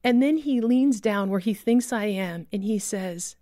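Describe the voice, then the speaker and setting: A woman telling a personal faith story as a guest, earnest, with pauses and restarts. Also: medium pitch, dark tone, no echo, studio quality.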